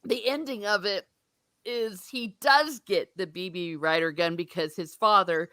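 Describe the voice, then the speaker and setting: A woman's voice: mid-range voice, unhurried, no echo, studio quality. A middle-aged woman hosting a podcast, chatting casually and retelling movie scenes with lots of laughter and acted-out lines. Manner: animated storytelling, frequent laughter, acts out movie lines. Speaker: podcast host. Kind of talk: casual chat.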